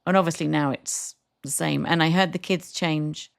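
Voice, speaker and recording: A woman's voice: low voice, fairly even intonation, normal speed, gravelly. A woman co-hosting a podcast in casual chat, rambling and poking fun at herself. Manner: self-mocking, rambling, laughs often. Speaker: podcast co-host.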